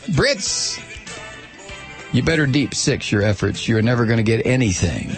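A man hosting a political talk radio show from a studio microphone, delivering a sardonic, mocking monologue. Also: mid-range voice. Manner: sardonic and mocking, laughs at his targets.

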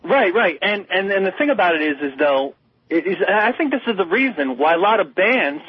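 A man's voice: sits high, lively intonation, a little fast, slightly rough. A man co-hosting a radio talk show, chatting casually about music in an emphatic, rambling way with many restarts. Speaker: radio co-host. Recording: slightly muffled radio broadcast.

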